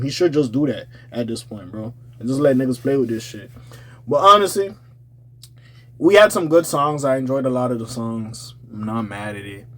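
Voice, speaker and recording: Brief: young male music reviewer, casual and profane, slightly high voice with a very lively, swinging delivery. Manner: animated, profane, slangy, laughs often. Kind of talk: casual album review commentary.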